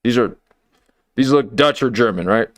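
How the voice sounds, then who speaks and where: A man's voice: mid-range voice, normal speed, no echo, studio quality. A man hosting a comedy commentary livestream, talking in a wry, rambling way with lots of fillers and restarts.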